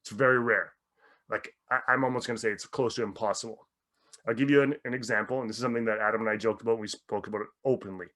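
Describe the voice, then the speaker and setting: A man's voice: mid-range voice, fairly bright tone. A man working as a mindset coach for athletes, telling stories animatedly in a podcast interview and swearing freely.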